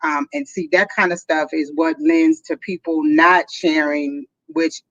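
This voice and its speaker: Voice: medium pitch, lively intonation, unhurried, fairly bright tone, dry recording, lo-fi sound. A co-host on a marriage advice show, explaining steadily with many "um"s and "you know"s.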